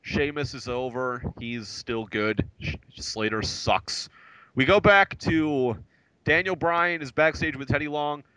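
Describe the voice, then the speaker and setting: A man co-hosting a wrestling podcast, chatting in a jokey, excitable way. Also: mid-range voice, takes it slowly, smooth, no room sound, poor audio. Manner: excitable, jokey, drops into impressions. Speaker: podcast co-host. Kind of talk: casual wrestling recap chat.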